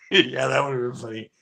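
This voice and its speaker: A man's voice: medium pitch, gravelly. A man hosting a casual livestream, telling a story from his youth in a rambling way with frequent laughter. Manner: laughing often, animated and rambling. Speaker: channel host.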